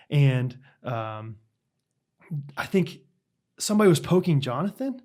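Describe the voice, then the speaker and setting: Animated young man telling a story. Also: fairly high pitch, normal speed, pauses often. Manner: animated, laughing, heavy use of "like". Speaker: podcast co-host. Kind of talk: casual storytelling.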